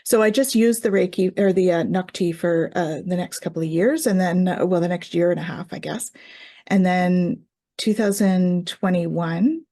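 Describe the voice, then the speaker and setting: A woman's voice: on the low side, normal speed, dark tone. A woman who teaches Reiki tells a personal story in casual chat, acting out quoted voices and laughing often.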